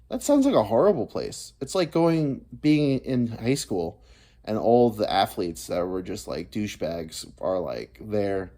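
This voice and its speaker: A man's voice: on the low side, mellow. A man in his thirties, vlogging a rambling, profane comic monologue that drifts between topics. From United States. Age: 30s. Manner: profane, meandering, self-deprecating.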